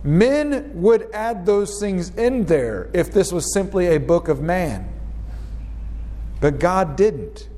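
A man's voice: slow, in a large hall. A man preaching a verse-by-verse sermon, acting out quoted lines and asking his listeners rhetorical questions. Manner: animated, acts out quoted lines with rising pitch; asks the congregation rhetorical questions. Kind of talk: expository sermon.

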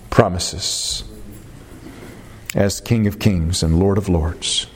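A man's voice: mid-range voice, a little mellow. A male preacher delivering a sermon, stretching out phrases for emphasis and asking his listeners rhetorical questions. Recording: long reverb of a hall.

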